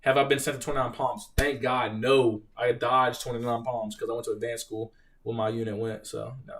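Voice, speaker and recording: Young male streamer, mid-range voice, off-mic a bit; casual, animated, swears freely. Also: medium pitch, brisk, distant mic. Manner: reads viewer questions, animated profane storytelling. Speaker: live stream host, Marine veteran. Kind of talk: casual live Q&A.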